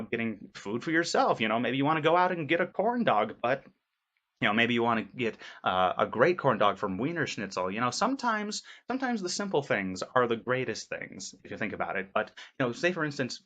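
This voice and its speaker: A man's voice: mid-range voice, a bit bright, dull audio. A man voice actor talking casually in a vlog, rambling with many fillers in an earnest way. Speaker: voice actor vlogger.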